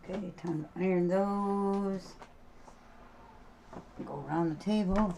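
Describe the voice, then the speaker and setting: Slow, mellow-voiced woman chatting while sewing. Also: medium pitch, fairly even intonation, a little hiss or hum, low-quality recording. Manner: chatty, hums and sings to herself while working. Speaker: quilting vlogger. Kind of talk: casual crafting talk while sewing.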